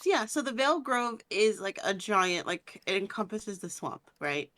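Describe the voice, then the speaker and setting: A woman's voice: medium pitch, big pitch swings, moderate pace, fairly bright tone. A woman narrating as game master over an online voice chat, giggly and tripping over her words.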